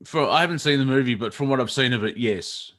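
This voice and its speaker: A man's voice: mid-range voice, fast, fairly bright tone. A man co-hosting a casual comedy show, rambling and irreverent, often breaking into laughter mid-sentence. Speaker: co-host.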